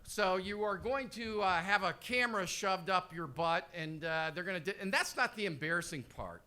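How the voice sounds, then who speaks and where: A man's voice: high voice, moderate pace, bright, forceful tone. A man in his fifties doing rambling, profane, self-deprecating stand-up storytelling. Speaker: comedian.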